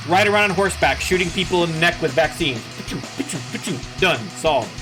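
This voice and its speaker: A man's voice: fairly high pitch, animated, quick pace, music in the background. A young Canadian man hosting a casual let's-play, rambling and joking as he plays. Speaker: gaming channel host.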